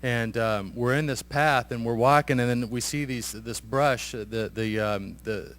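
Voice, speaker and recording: A middle-aged man sharing a personal testimony in a church, halting, with many fillers and restarts. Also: mid-range voice, fairly bright tone. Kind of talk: hesitant spoken testimony.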